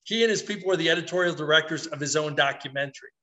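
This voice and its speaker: A man who is a sports columnist co-hosting a podcast, giving animated, opinionated and self-mocking takes. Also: on the high side, rapid-fire. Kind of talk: casual sports talk.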